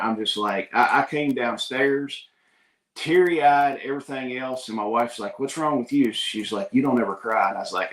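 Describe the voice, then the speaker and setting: A man tells a personal story in a casual, folksy way, earnest and unpolished. His voice sits at an ordinary middle pitch. The room has a noticeable echo. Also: a bit bright. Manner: folksy and earnest, heavy on "I was like".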